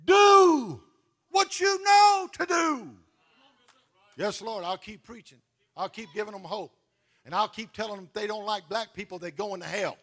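A man preaching a sermon in a church, with shouted, sing-song calls out to the congregation. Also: high-pitched, a little fast. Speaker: pastor. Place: church sanctuary.

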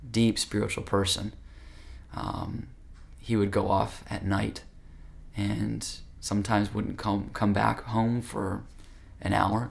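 A man's voice: fairly low pitch, gravelly. A man teaching yoga philosophy in an earnest, conversational, direct way. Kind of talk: spiritual talk.

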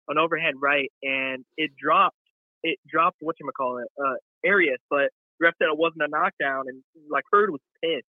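A man's voice: on the high side, no room sound. A man calling into a live show, rambling casually with lots of fillers and teasing the host. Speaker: caller. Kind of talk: casual chat over a phone call. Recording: tinny phone line.

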